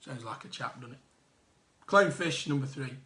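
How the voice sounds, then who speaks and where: A man's voice: medium pitch, expressive, normal speed, bright, forceful tone. A man hosting a live online quiz, reading out answers with jokey, chatty asides. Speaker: quiz host.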